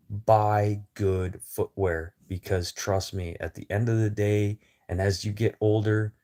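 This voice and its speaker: A man's voice: fairly low pitch, warm tone. A man livestreaming a casual, rambling chat with viewers over a phone, talking in a blunt, profane way.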